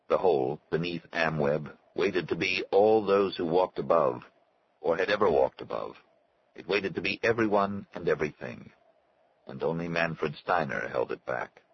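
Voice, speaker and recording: A man narrating a story in a measured, scripted reading style. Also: low voice, expressive, gravelly, muffled recording, a little hiss or hum. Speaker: audiobook narrator.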